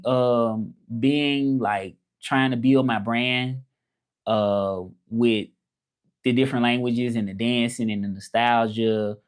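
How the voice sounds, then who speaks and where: A man from Memphis, hosting a casual live chat and repeating his phrases slowly as he thinks them over. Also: medium pitch. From Memphis, Tennessee, USA. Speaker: livestream host.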